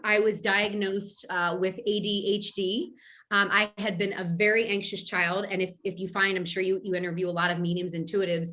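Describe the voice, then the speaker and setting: A woman's voice: lowish voice, pushed and bright. A middle-aged woman from Philadelphia, a medium talking casually as a guest, with many fillers and restarts. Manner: chatty, lots of fillers and restarts. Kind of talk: casual interview answers.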